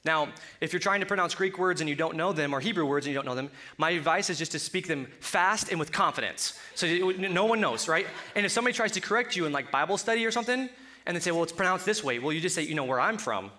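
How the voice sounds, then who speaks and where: A man from Colorado preaching with a high, bright voice. His sermon is loose and conversational, full of jokes and asides between scripture readings. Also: quick pace. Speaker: pastor.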